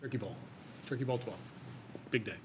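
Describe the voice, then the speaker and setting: A man's voice: medium pitch, a little fast. Man, council member, easygoing, joking, faint room noise. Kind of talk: casual meeting update.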